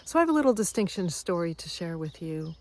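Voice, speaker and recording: A woman coach sharing a personal story in a reflective way, growing lively as she relives moments. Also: on the low side, quick pace. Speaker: wellness coach. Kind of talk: personal story told to camera.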